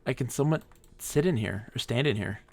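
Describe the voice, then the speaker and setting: A man's voice: medium pitch, fairly quick. A man streaming a game live, chatting playfully and reading character lines aloud in put-on voices.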